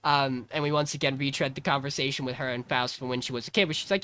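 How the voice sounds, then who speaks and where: A man's voice: medium pitch, fast talker, clear, resonant tone. A man co-hosting a casual podcast, recapping an anime episode with laughs and acted-out lines from the characters. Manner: animated storyteller who acts out characters' lines; laughs often. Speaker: podcast co-host.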